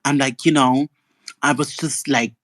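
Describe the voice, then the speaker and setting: A man's voice: medium pitch, steady tone, measured pace, a bit bright, dry recording. A young man, ranting indignantly and profanely in a gossip vlog. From South Africa. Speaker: gossip vlogger. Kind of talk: angry ranting monologue.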